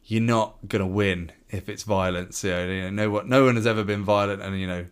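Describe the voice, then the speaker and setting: Low-voiced laid-back male podcast co-host. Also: fairly even intonation, a little fast, clear, resonant tone. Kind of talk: casual chat.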